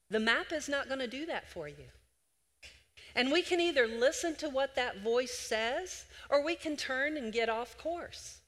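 A woman preaches a sermon in a large church hall, her voice carrying a long reverb tail. She speaks at a middle pitch, animated and emphatic, with bursts of laughter at her own stories.

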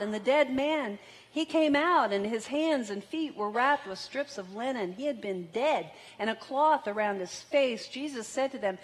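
A woman preaching a sermon, slow and deliberate, drawing out key words for emphasis. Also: a little high, animated. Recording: long hall reverb.

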